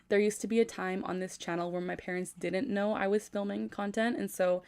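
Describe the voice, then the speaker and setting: A woman's voice: lowish voice, a little mellow. A woman in her twenties chatting casually on a livestream from her room at night, keeping her voice down as she reads comments. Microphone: gaming USB microphone.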